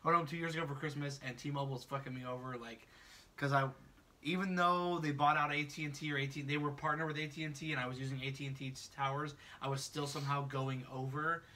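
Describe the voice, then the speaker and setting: Man with a slight Kentucky accent, bright voice. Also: medium pitch, quick pace, recorded from a distance. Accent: slight Southern Kentucky. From Midwest US, near Kentucky border. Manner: animated storyteller, mimics voices, swears casually. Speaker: podcast host. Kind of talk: casual chat.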